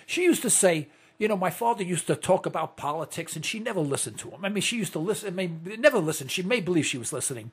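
Husky, impassioned man in his sixties. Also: high-pitched, sing-song, quick pace, few pauses. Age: 60s. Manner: impassioned, rambling, indignant. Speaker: radio talk show host. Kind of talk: opinionated talk radio monologue.

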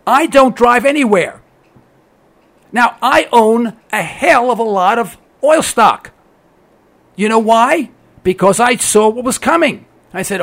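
High-voiced gravelly man ranting. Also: expressive, unhurried, fairly bright tone. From United States. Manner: emphatic, sarcastic, hammers points by repetition. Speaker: political commentator. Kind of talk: opinionated radio-style monologue.

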